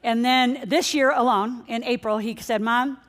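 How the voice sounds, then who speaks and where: A middle-aged woman, a financial coach, giving an energetic motivational seminar talk and speaking straight to her audience. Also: a little high, moderate pace. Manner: energetic, excitable, addresses the audience directly. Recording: long hall reverb.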